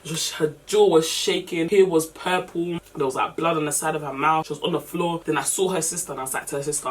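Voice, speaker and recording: A young woman, a nursing student, gossiping in a lively, slangy way and acting out the people she quotes. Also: deep voice, fast talker, hardly any pauses. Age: young adult. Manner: animated, slangy, acts out quotes. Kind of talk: casual gossip storytelling. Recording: distant mic, faint background noise.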